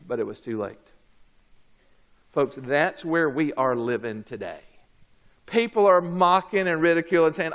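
A man preaching a sermon, swinging from loud, high outbursts down to low, quiet lines. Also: big pitch swings, a little slow.

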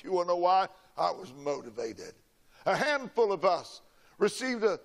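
A man's voice: high voice, vocal fry. An older man, preaching a sermon and telling a personal story in a folksy, dramatic way. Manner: folksy, dramatic storytelling, shouting quoted lines.

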